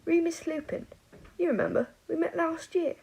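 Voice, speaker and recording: A woman's voice: very high voice, normal speed, creaky, voice pushed up, low-quality recording. A woman voicing a composed teenage boy wizard who puts on a received pronunciation accent. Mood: controlled polite. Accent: affected English received pronunciation. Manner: steady, controlled, polite. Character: young teen boy wizard, controlled, posh put-on.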